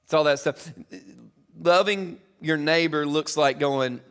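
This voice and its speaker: A middle-aged man preaching a sermon in a church, chatty and casual, building to loud, emphatic peaks. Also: a little high, takes it slowly, clear, resonant tone. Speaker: pastor. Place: church auditorium.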